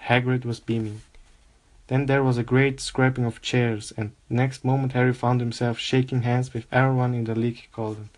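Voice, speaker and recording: A man reading a novel aloud at a steady, unhurried pace. His voice sits at an ordinary pitch. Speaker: reader.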